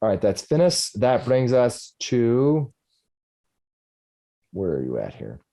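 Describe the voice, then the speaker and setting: Animated man running a tabletop game. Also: medium pitch, slow, vocal fry. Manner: animated, narrates the monsters' actions with relish. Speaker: dungeon master.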